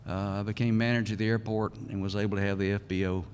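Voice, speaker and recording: An older man, giving a folksy, halting acceptance speech as a hall of fame inductee. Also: lowish voice, flat delivery, a little mellow, a little hiss or hum. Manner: folksy, halting storyteller with many pauses. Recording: long reverb of a large hall.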